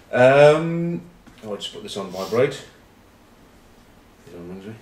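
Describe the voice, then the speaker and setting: A low-voiced man hosts a casual rugby vlog, rambling on with wry, cheeky asides. He sits back from the mic, and his voice carries in a roomy, echoey space. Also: very animated, slow, darkish tone. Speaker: rugby pundit and vlog host. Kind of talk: casual rugby chat to camera. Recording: roomy echo, distant mic.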